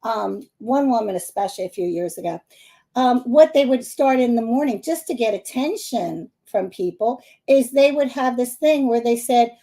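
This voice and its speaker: Chatty high-voiced woman from the Philadelphia area. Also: normal speed. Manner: chatty, animated, laughing often. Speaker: psychic medium hosting a live stream. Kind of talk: casual live-stream talk to viewers.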